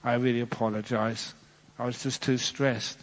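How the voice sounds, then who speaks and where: A flustered old Pope, acted by a man telling a joke, muttering sheepishly and quick to grumble. His voice is soft and low-key, with a long reverb from a large hall behind it. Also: little pitch movement, close to an everyday voice.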